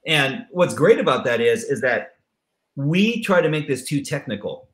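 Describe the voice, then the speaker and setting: Middle-aged male guest, lively storyteller who acts out voices in quotes, wide-ranging pitch, roomy sound. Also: normal speed. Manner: lively storyteller acting out dialogue with voice changes. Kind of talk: animated motivational interview talk.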